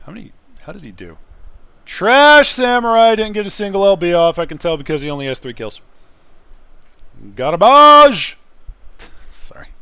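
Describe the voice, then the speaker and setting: A man streaming a video game, chatting casually and swinging between loud outbursts and quiet muttering. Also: mid-range voice, clear, resonant tone. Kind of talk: casual gaming stream chat.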